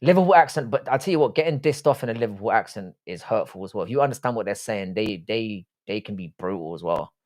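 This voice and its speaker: A man's voice: on the low side, expressive, quick pace, hardly any pauses, darkish tone. An Irish man hosting a live stream, chatting casually and reading out viewer comments, blunt and swearing freely with a self-deprecating edge. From Ireland. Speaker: livestream host.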